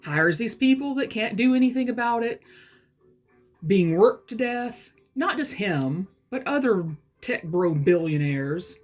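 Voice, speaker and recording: A woman's voice: fairly high pitch, expressive, measured pace, a little mellow, faint music behind. A woman from the American South with a Southern US accent, talking bluntly and with exasperation in a casual vlog. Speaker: vlogger. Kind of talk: casual talk to camera.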